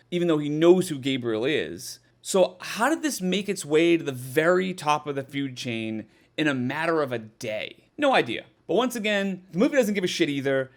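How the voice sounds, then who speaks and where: Sarcastic man with a lively voice. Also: a little high. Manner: sarcastic, exasperated, swears freely. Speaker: horror movie reviewer. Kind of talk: casual spoken film review.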